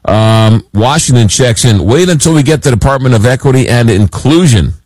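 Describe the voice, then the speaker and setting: A man hosting a late-night call-in radio show, reading listener messages and talking with callers, often halting on fillers. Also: medium pitch, animated, a little mellow, no room sound, low-quality recording.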